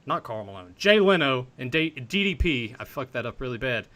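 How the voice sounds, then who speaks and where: A man's voice: medium pitch, lively intonation, a little fast, fairly bright tone. A man hosting a casual podcast, rambling and self-deprecating as he tells stories. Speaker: podcast host.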